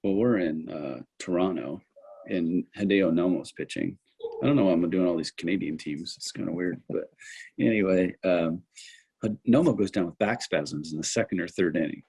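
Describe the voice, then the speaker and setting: A man in his fifties tells old stories in a relaxed, chatty way and acts out his own remembered thoughts as he goes. His voice sits low and has a husky edge. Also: normal speed. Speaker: former relief pitcher, interview guest. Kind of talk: casual anecdotal storytelling.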